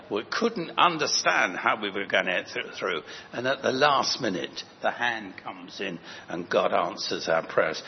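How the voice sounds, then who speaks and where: An older man preaching a sermon as a parish priest, gentle and anecdotal, with rambling restarts. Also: medium pitch, vocal fry. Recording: echoey hall, dull lo-fi sound, faint noise.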